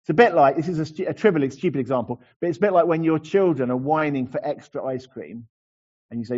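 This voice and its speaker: Husky, mellow-voiced man preaching a sermon. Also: a little high, fast talker. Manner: conversational, with frequent restarts and acted asides. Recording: dull lo-fi sound.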